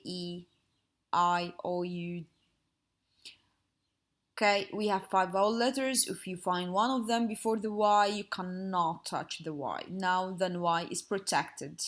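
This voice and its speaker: A woman teacher giving a slow, patient grammar lesson to young pupils in a sing-song explaining manner. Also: medium pitch.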